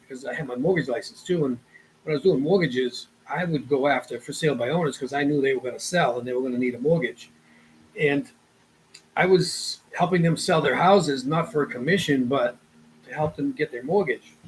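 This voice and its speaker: Man, real estate agent, casual storytelling, slightly high pitch, faint background noise. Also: low-quality recording. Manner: loose, repetitive with many restarts.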